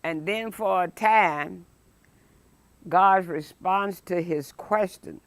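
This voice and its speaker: Speaking in a voice on the low side, with no echo, a woman pastor teaches a midweek Bible study. Her preaching is emphatic, with deliberately drawn-out stresses on key phrases and dramatically forceful scripture reading.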